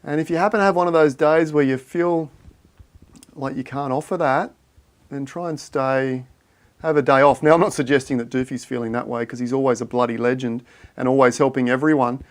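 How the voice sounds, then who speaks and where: A man hosting a casual livestream. He thinks out loud and chats with viewers in a friendly, matey way. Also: medium pitch, fairly even intonation, fairly quick. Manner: thinks aloud while reading viewer chat, matey and chatty. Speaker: livestream host.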